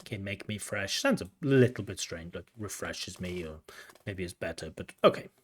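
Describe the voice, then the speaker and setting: A man's voice: sits low, lively intonation. A man working as an IELTS examiner, giving spoken feedback on a candidate's answers in a corrective, explanatory way. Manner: explanatory, corrective, pauses to replay and comment.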